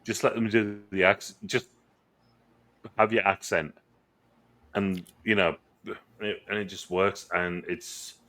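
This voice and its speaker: A man's voice: sits low, flat delivery, slow, pauses often, bright, forceful tone. A man co-hosting a casual movie review podcast, enthusiastic and rambling, swearing and restarting his sentences. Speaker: podcast co-host. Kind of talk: casual chat.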